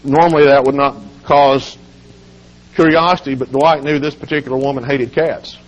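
A hoarse man with a cold, speaking as a guest at a children's home and telling humorous stories in a relaxed, folksy way. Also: mid-range voice, moderate pace. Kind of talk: folksy storytelling sermon. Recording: dull lo-fi recording.

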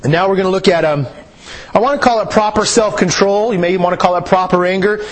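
A man's voice: high voice, fast talker. A man preaching a sermon in an earnest way, repeating phrases for emphasis.

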